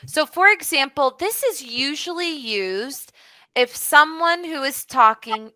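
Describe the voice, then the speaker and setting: Woman English tutor on a video call: bright, slightly high voice, patient, explains through examples, lots of "like". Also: expressive, takes it slowly, no echo, low-quality recording. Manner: patient, explains with many examples and fillers like "like" and "mm-hmm". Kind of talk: online one-to-one English lesson.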